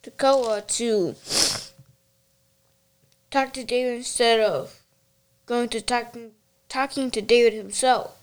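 A woman with a fairly high, smooth voice speaking slowly in a group discussion. She pauses often as she hunts for her words. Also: fairly even intonation. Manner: hesitant, searching for words. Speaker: Bible study participant. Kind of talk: sharing a thought in discussion.

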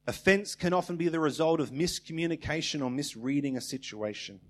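A man's voice: fairly high pitch, a little fast. A man preaching a sermon in a conversational way, now and then acting out little everyday exchanges.

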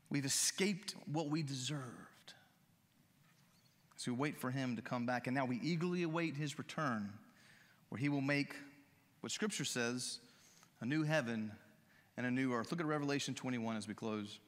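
Fervent preacher in a reverberant church. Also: male voice, mid-range voice, fairly bright tone. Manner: earnest preaching, rising in fervor on key phrases. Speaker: pastor. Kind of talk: sermon with closing prayer. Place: church sanctuary. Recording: long reverb of a church hall.

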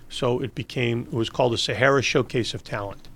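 Male interview guest, mid pitch, loose storyteller, laughs through his anecdotes. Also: steady tone, a little fast, gravelly. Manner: rambling anecdotes with laughs and restarts. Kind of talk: casual storytelling.

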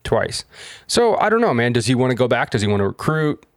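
Young man, casual podcast chat, animated swearing rants, dry close sound. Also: mid-range voice, brisk, no echo. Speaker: podcast co-host.

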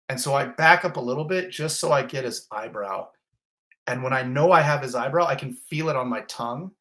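A man's voice: mid-range voice, fast, bright, forceful tone. Intense man recounting a trauma. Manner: intense, vivid, graphic retelling in short repeated clauses. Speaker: fire captain, guest. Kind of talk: personal storytelling in a podcast interview.

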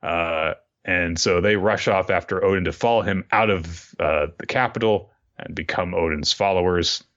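Low-voiced man recapping with playful impressions. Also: moderate pace, a bit bright. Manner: recaps scenes by acting out the characters' lines. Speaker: podcast co-host recapping a manga. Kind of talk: casual chat. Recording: dull lo-fi recording.

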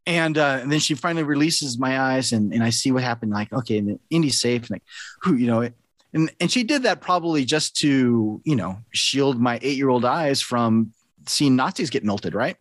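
A man's voice: medium pitch, animated, moderate pace, no echo. A middle-aged man, a podcast host, chatting casually and telling an earnest story.

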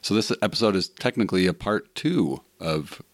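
A man's voice: sits low, lively intonation, moderate pace, no echo. A man co-hosting a podcast in casual, easygoing chat. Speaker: podcast co-host.

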